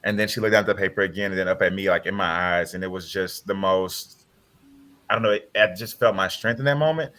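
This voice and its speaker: A man with a low voice tells a personal story on a video-call panel. His tone is bright and forceful. He speaks earnestly and with feeling, often acting out what others said. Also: fast. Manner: earnest, heartfelt retelling with quoted dialogue.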